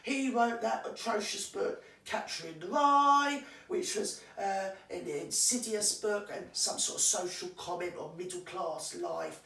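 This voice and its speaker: A woman telling a rambling comic story in a chatty manner with deadpan asides. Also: medium pitch, unhurried, gravelly, hardly any pauses, roomy sound, distant mic.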